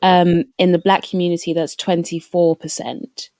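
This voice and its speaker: A woman guest lays out her side calmly and firmly, point by point. Her voice sits slightly low. The recording is close and dry, with no room around it. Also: normal speed, dry recording. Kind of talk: casual debate on a livestream.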